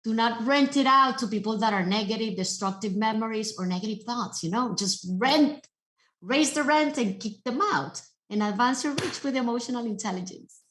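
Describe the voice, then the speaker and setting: A woman motivational speaker giving a keynote talk with animated, emphatic storytelling. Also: fairly high pitch, moderate pace, reverberant.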